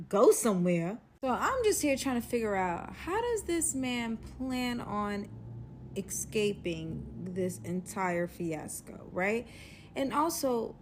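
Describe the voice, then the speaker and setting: A young woman telling a dramatic story to the camera, with loud bursts in an animated storytime vlog. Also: fairly high pitch, slight background noise.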